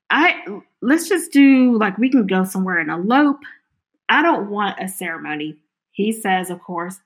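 A middle-aged woman telling her personal story in an interview, acting out the lines of the people she quotes. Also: medium pitch. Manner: animated, acts out quoted dialogue.

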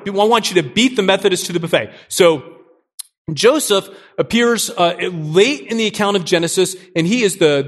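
A middle-aged pastor with a high-pitched voice preaches a sermon with lots of energy and jokes. He often puts questions to his listeners.

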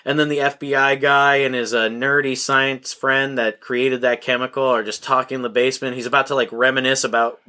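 Bright-voiced joking man. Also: mid-range voice, level tone, brisk, few pauses. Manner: joking, laughs often. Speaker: podcast co-host. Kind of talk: casual movie recap chat.

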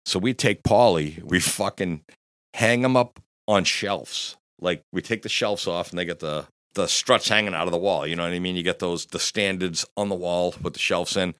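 Deep-voiced man telling a profane story. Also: moderate pace, a bit bright, no room sound, studio quality. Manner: profane, rambling anecdote teller. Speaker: podcast co-host. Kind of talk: casual storytelling.

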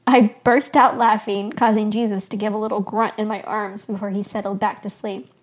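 A woman's voice: mid-range voice, little pitch movement, normal speed. A woman podcast host reading her own story aloud as scripted narration.

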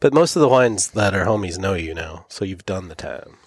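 A man's voice: deep voice, lively intonation, fairly quick, breathy edge, no echo. A man co-hosting a podcast, chatting casually and prompting the host with questions. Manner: short interjections and follow-up questions.

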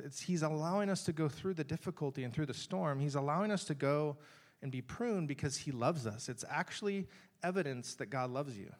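A man preaching a sermon in a conversational, earnest way, with frequent restarts and asides to the congregation. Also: fairly high pitch. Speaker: pastor.

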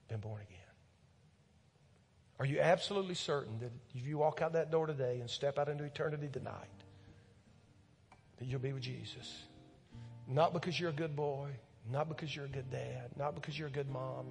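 A man preaching a sermon as pastor, earnest and pleading, repeating words, swelling loud and then dropping soft. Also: mid-range voice, normal speed, gravelly, pauses often. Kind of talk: sermon with altar call. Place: church sanctuary. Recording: long church hall reverb with soft music.

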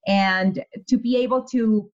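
A woman's voice: medium pitch, fairly even intonation, unhurried, highs cut off. A woman guest on a podcast, a health and nutrition coach, talking candidly and emphatically, swearing now and then and laughing easily. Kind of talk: casual interview chat.

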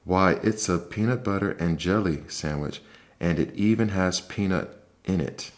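A man voicing an anxious, fussing mother mouse in a soft-spoken ASMR bedtime story reading, with a fretful, pleading manner. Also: low-pitched, a little slow. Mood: impressed.

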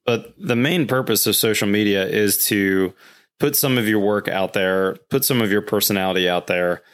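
A man, a guest on a podcast, telling long casual stories about his building business in a rambling, animated way, acting out quotes. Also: on the low side, normal speed.

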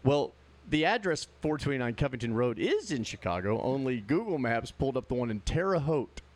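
A middle-aged man co-hosts a casual podcast chat, telling stories animatedly and laughing often. His mid-range voice swings widely in pitch, and he talks briskly.

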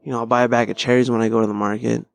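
A man's voice: mid-range voice, level tone, very fast, creaky, no echo. A male podcast host rambles through a casual solo chat, swearing freely and poking fun at himself. His voice sits in a middle register. The close mic sounds dry, with no room around it. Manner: rambling, profane, self-deprecating. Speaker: podcast host and stand-up comic.

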